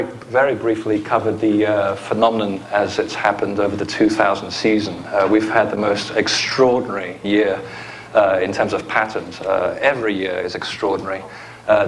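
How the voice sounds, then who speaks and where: A man's voice: on the low side, a little hiss or hum. A man giving an informal conference lecture with slides, explaining with dry asides into a microphone in a lecture hall.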